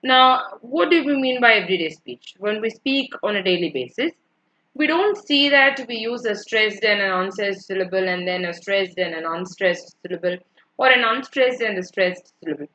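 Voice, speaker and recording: A woman's voice: mid-range voice, expressive, moderate pace, sharp tone, dull audio. A woman teaching an online literature class, explaining points patiently, repeating them and checking in with her students. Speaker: English literature lecturer. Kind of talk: online lecture.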